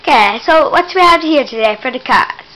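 A woman giving casual gameplay commentary, excitable and teasing, exclaiming again and again and mock-scolding the player. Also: high-pitched, brisk, slight background noise, low-quality recording.

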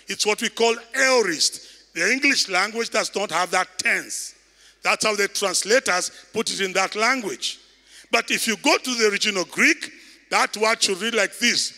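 Kenyan bishop preaching, tense bright voice. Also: male voice, high-pitched. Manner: preaching loudly, calling out to the congregation. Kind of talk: sermon. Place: large church hall. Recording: echoey church hall.

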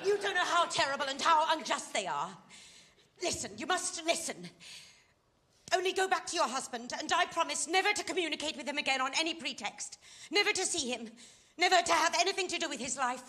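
A woman's voice: high-pitched, lively intonation, a little fast, pushed and bright. An actress playing a fallen society woman who pleads urgently and with passion in a stage play scene. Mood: pleading. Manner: impassioned, pleading.

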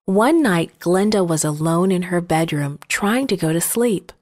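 Brief: woman narrator for children's Bible stories, lower-pitched, very unhurried, gentle delivery. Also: expressive.

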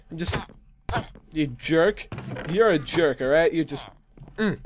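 A male gaming host chatting casually over gameplay, excitable and self-mocking about his own bad jokes. His voice sits fairly high for a man. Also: slow, long pauses, a little hiss or hum.

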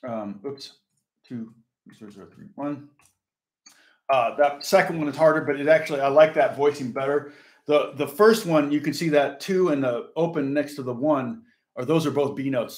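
An older man casually teaching a guitar lesson, rambling and chatting with viewers as he goes. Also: medium pitch. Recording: echoey room with guitar playing.

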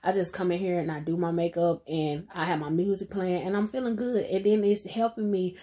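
A woman's voice: fairly low pitch, steady tone, fairly quick, no echo. A young woman beauty vlogger chatting casually through a makeup tutorial, self-deprecating and talking straight to her viewers. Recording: loud hip hop music playing behind.

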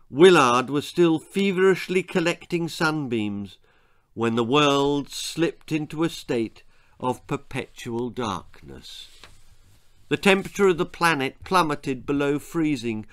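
A man's voice: a little high, a bit bright, smooth. A man reading his own children's story aloud in a relishing, theatrical manner.

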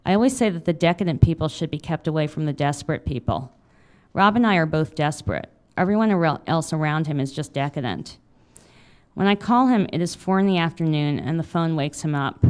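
Low, smooth-voiced woman author. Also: expressive, a little mellow. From United States. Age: 30s. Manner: wry, confessional; halting with fillers when unscripted. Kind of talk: memoir reading, then audience Q&A.

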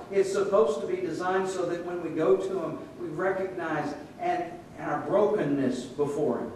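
A man preaching a sermon in a relaxed, conversational way, telling stories and acting out the voices in them. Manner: conversational storytelling with quoted voices. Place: church sanctuary. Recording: echoey church room, distant mic, faint rumble.

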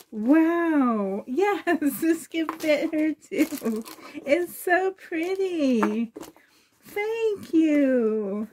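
A woman talks through a gift unboxing in a vlog, gushing with breathy exclamations and sounding emotional and a little shaky. Her voice sits high but mellow, and she draws every word out very slowly. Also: slight background noise. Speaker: reborn doll collector vlogger.

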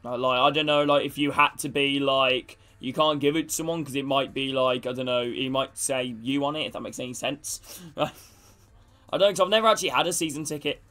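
A young streamer's voice is mid-range, bright, and forceful, moving fairly quickly with faint music in the background. Playing a football video game live, he greets viewers, spurs his teammates on, and swears casually.

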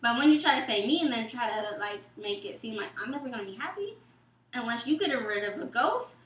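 Woman spilling a story casually, bright voice a bit high, acts out the quotes, roomy echo. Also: brisk. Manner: animated, acts out quoted texts and dialogue; casual, informal speech. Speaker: guest. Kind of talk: storytelling in a Q&A chat. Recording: echoey room.

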